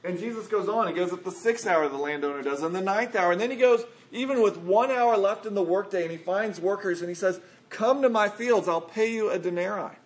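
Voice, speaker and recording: A man's voice: high-pitched, brisk, hardly any pauses. A man preaching a sermon earnestly, acting out quotes from scripture. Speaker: pastor.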